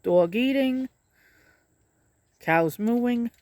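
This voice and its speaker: Home vlogger, mid-pitched, dry close sound, chats to animals in a cooing way. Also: very slow, a little mellow, no echo. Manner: coos and chats to pets and birds. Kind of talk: casual narration while filming. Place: outdoors in a yard. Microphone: phone camera.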